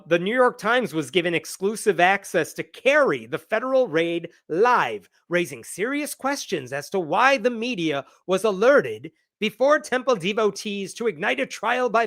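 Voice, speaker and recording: A man's voice: high-pitched, very animated, moderate pace, few pauses, a bit bright. A man hosting a livestream news roundup, commenting in an incredulous, sarcastic way. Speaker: host.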